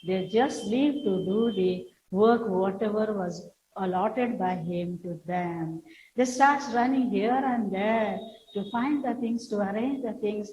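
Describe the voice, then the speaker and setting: A woman teacher slowly retelling a story to children and explaining the meanings of English words. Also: medium pitch, mellow, muffled recording. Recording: echoey room with faint hiss.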